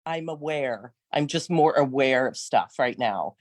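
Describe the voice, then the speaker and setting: Deep-voiced, blunt New Jersey woman. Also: animated, a little slow, a little mellow, no room sound, clean studio sound. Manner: blunt, rambling, swears freely. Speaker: podcast guest. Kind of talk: casual conversation.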